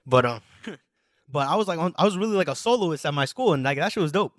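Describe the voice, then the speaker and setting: Young male podcast guest, rapid slangy storyteller with a dry, close sound. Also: on the high side, animated, a bit bright, no echo. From United States, New Jersey. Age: 20s. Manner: slangy, rambling, full of filler phrases. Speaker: guest musician.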